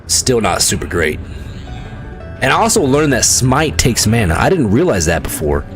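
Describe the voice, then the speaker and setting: Animated cursing gamer man streaming live. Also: mid-range voice, moderate pace, faint music behind. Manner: excitable, swears, talks to chat viewers. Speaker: livestreaming gamer. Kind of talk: casual live gameplay commentary.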